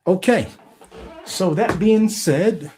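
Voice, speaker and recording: A man hosts a call-in livestream, talking directly to the chat in an animated monologue and acting out quoted voices as he tells stories. His voice sits high and slow, with slight background noise.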